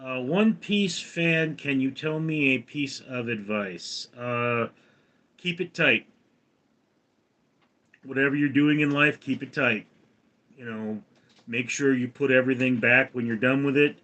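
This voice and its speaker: An American man hosting a livestream in a casual chat, reading viewer comments aloud and answering them in a rambling, halting way. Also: mid-range voice, fairly bright tone. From United States. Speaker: livestream host.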